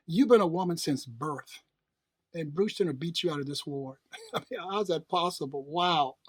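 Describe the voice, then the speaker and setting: Husky-voiced preachy man. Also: a little high, no echo. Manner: preachy, rhetorical questions, emphatic repetition. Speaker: host. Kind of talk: motivational monologue.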